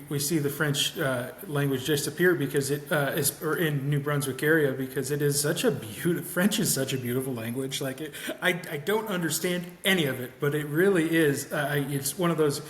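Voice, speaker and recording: A man's voice: a little high, normal speed, fairly bright tone. A man hosting a podcast, chatting in a friendly, rambling way with frequent restarts. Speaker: podcast host. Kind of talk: casual podcast interview. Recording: echoey room.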